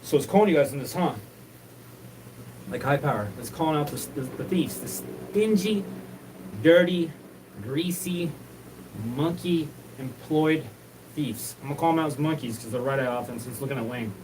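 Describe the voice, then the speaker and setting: A man's voice: medium pitch, fast, darkish tone, distant mic, a little hiss or hum, rough recording. A man hosting his own show, talking in a rambling, repetitive, profane solo monologue. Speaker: show host.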